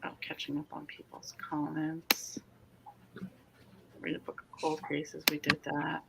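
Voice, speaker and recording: A woman's voice: sits low, completely flat delivery, a little slow, vocal fry, very noisy. A woman hosting a casual reading stream, chatting and reading out viewer comments with wry sarcasm. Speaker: host of an online reading sprint stream.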